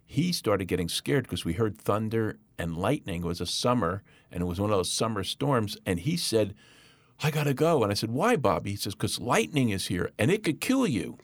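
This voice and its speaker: A middle-aged man telling a personal testimony in a lively, animated way, acting out the voices of the people in his story. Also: on the low side, moderate pace, dry recording. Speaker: guest.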